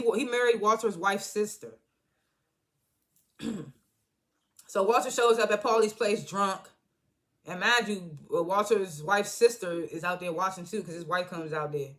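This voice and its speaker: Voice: mid-range voice, bright, forceful tone. A TV reviewer giving a loose, slangy recap of an episode, acting out the characters' lines and laughing often.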